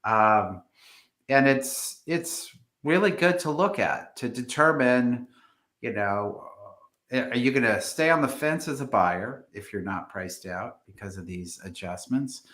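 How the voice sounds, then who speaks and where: A man's voice: mid-range voice, expressive, unhurried, a bit bright, reverberant. A man, a real estate agent, talking through the housing market on a live stream, hesitant with many fillers and restarts.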